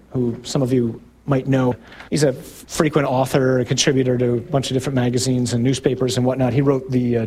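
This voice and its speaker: A middle-aged man, a Catholic priest, giving an emphatic, conversational talk to a parish group, putting questions to the audience and rising to loud bursts on key points. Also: mid-range voice, a little hiss or hum.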